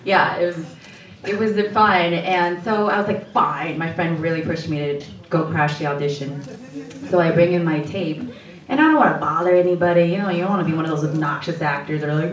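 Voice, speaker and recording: An actress on a post-screening panel tells an animated story, laughing and acting out the voices she quotes. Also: on the low side, brisk. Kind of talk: storytelling at a live Q&A. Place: screening room before an audience. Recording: roomy hall, distant mic.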